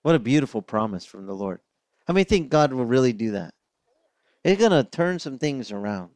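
An older man preaching a sermon as pastor, telling stories with lively acted-out voices. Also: mid-range voice, brisk, dry recording. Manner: animated storytelling, acting out voices of others.

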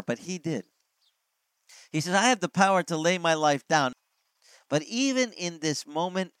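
Male pastor, sermon delivery, slightly higher voice, dry close sound, conversational with audience questions. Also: fairly bright tone, clear, resonant tone, no echo, rough recording. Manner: conversational, asks the congregation questions, acts out quotes.

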